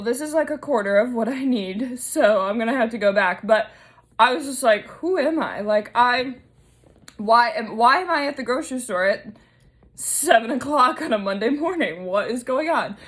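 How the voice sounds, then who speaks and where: A young woman, hosting her own podcast in a casual, chatty, emotional way with many fillers. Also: mid-range voice. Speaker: podcast host.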